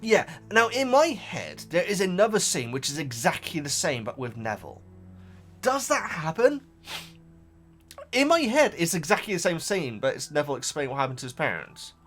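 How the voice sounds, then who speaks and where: A man hosting a casual reaction vlog, chatty and excitable, talking straight to his viewers. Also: fairly high pitch, moderate pace, soft background music. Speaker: channel host reacting to a book.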